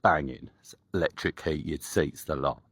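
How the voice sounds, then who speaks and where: A man's voice: extremely low pitch, unhurried, fairly bright tone, slightly rough, no room sound. A man telling a rambling personal story in a chatty, swearing, casual way. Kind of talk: casual spoken anecdote.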